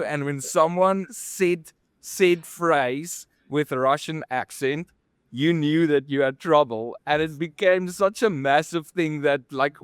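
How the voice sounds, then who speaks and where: A man's voice: on the high side, clean tone, no echo, clean studio sound. A young man telling rambling event-work stories in a casual podcast chat, with plenty of fillers. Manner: rambling, animated storytelling with many fillers. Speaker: podcast co-host.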